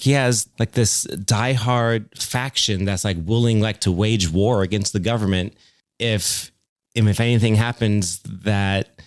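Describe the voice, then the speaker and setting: A man's voice: on the low side, no echo, clean studio sound. A man, a music producer guest on a podcast, talking casually and rambling with many fillers and restarts. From United States. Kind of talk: casual conversational interview.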